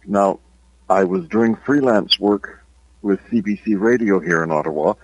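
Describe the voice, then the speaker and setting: Older Irish-accented male author, husky and low-voiced, dry close sound, reflective and unhurried. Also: dry recording, lo-fi sound. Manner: reflective, unhurried, with hesitant pauses. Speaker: author guest. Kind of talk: interview storytelling.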